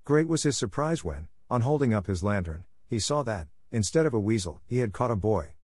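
A man narrating a classic children's story in a steady, even reading. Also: fairly low pitch, a little fast, no room sound, studio quality. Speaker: audiobook narrator.

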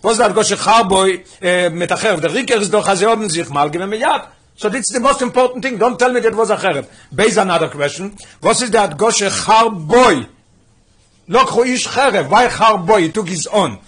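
Man, Torah teacher: high, husky voice, rapid-fire explanation with lots of Hebrew and Yiddish terms. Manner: rapid, mixing English with Hebrew and Yiddish terms, animated questioning. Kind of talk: Talmudic lesson explaining Midrash.

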